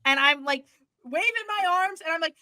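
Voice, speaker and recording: A young woman co-hosting a podcast, telling a story in casual chat, animated and swearing freely as she acts out what people said. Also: very high voice, normal speed, dry recording. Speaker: podcast co-host.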